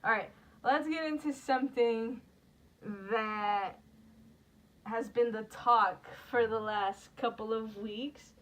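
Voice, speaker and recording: A woman's voice: on the high side, steady tone, takes it slowly, fairly bright tone. A woman co-hosting a casual wrestling review podcast, chatty and steering from topic to topic with lots of "like". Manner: chatty, leads the segments, frequent "like". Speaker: podcast co-host. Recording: distant mic with background noise.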